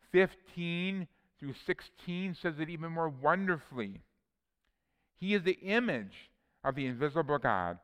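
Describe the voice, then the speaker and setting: Male preacher, earnest scripture reader, smooth resonant voice, reverberant hall sound. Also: mid-range voice, fairly bright tone. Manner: earnest, reads verses aloud, personal asides. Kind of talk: sermon with scripture readings.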